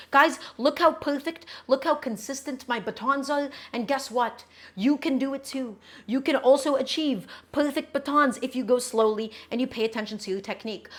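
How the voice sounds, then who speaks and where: A woman streaming as she cooks, chatting casually, explaining her knife work and answering viewers' questions as she chops. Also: fairly high pitch. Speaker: cooking streamer. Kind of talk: live-stream cooking chat.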